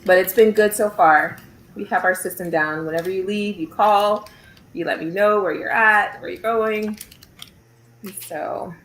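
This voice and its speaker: A woman who works as a teacher chats as a guest, telling lively stories and laughing often. Her voice sounds roomy, with echo and faint background noise. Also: mid-range voice, unhurried.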